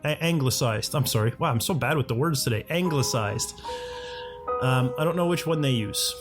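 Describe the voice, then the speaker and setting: A man's voice: medium pitch, fast, music in the background. A man from North America giving casual gameplay commentary, thinking aloud and correcting himself as he goes. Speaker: let's play host.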